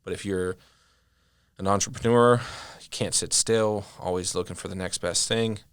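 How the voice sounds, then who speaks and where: A young man talking as a podcast guest in a casual, animated way, often filling with "like". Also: low voice, normal speed, clean tone, no echo, clean studio sound. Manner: animated storyteller, heavy use of "like". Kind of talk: casual conversation.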